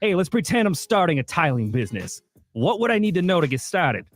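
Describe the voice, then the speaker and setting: A man voicing a pushy, fake-macho contractor in a loud, swaggering put-on East Coast drawl. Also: fairly high pitch, very animated, brisk, soft background music, voice pushed up. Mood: brash.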